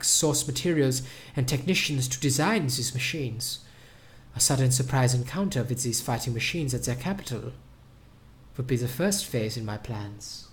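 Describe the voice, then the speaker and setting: A man's voice: medium pitch, natural voice. A man reading a poem aloud in a put-on German accent, voicing a scheming would-be dictator who narrates his plans for a coup. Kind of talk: dramatic poetry reading.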